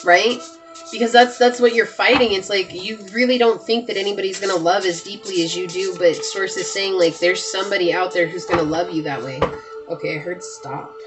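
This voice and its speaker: A woman's voice: mid-range voice, fairly even intonation, brisk, over music. A woman giving a pick-a-card tarot reading, talking straight to her viewers with lots of emphatic repetition. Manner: emphatic, repeats herself, talks straight to viewers. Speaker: tarot reader.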